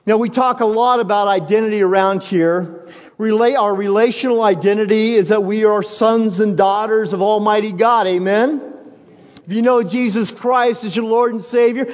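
A higher-voiced man preaches from the pulpit, driving home his points through repetition. He speaks slowly and deliberately. The sound is dull and lo-fi, with a long reverb tail from a big church hall. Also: a little mellow. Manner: emphatic, repeats key phrases for weight. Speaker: pastor. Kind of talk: sermon.

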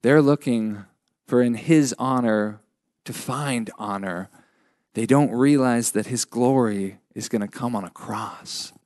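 A man preaching a sermon as a pastor, measured and emphatic with frequent pauses. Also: medium pitch, darkish tone, no echo.

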